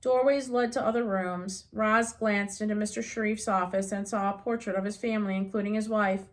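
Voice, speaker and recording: A woman reads a children's novel aloud in an unhurried, gently expressive way. Her voice sits at a middle pitch, neither high nor low. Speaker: audiobook reader.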